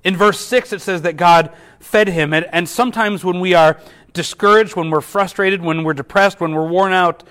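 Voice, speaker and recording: Male pastor, high-pitched voice, earnest sermon delivery with frequent restarts. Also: moderate pace. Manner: earnest, repeats words at restarts, drops softly for quoted whispers.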